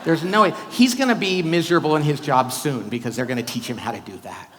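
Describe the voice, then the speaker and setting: A man's voice: on the high side, quick pace, noisy background. A man giving a keynote talk to a live audience, telling stories and acting out the people in them. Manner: animated, acts out quoted voices. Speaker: keynote speaker. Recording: reverberant hall.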